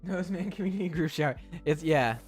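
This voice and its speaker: A young man live-streams, joking loosely with viewers and answering chat with frequent laughs as he rambles. His voice is on the high side, a little fast, darkish and slightly rough, with soft music in the background.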